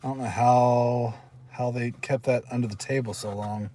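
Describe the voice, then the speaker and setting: A man's voice: medium pitch, steady tone, moderate pace, dark tone, a little hiss or hum. Chatty man rambling in a parked car. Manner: chatty, rambling, reads out names while sorting cards. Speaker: channel host. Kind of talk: casual live-stream chat.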